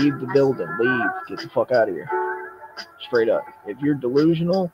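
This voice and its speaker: A man's voice: medium pitch, expressive, moderate pace. A man on a casual livestream, speaking directly to his chat in a confrontational, profanity-laced rant. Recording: dull lo-fi audio with loud music. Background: loud music.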